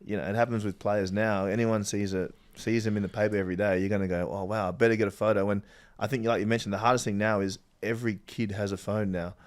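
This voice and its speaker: A man's voice: lowish voice, steady tone, fast, few pauses. An Australian man from Western Australia, a footballer guest telling stories in casual chat and laughing often. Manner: chatty storyteller, laughs often.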